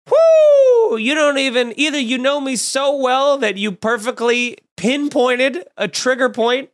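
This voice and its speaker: A man's voice: very high voice, fairly bright tone. Sarcastic crude-talking podcast host man. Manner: sarcastic, crude, mock-outraged. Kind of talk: comedic podcast rant.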